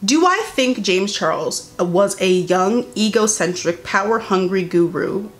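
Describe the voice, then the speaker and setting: A woman's voice: animated, unhurried. Sassy young woman reacting to a statement. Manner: sassy, incredulous, swings between high exclaims and low mutters. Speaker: commentary YouTuber. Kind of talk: reaction commentary reading a statement aloud.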